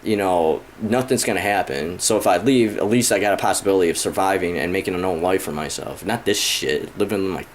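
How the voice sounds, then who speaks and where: Thirties male vlogger, low voice, rambling profane rant, faint room noise. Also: fairly quick, hardly any pauses. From Michigan, USA. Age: 30s. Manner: frustrated, profane, rambling with many fillers. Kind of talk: casual rant to camera.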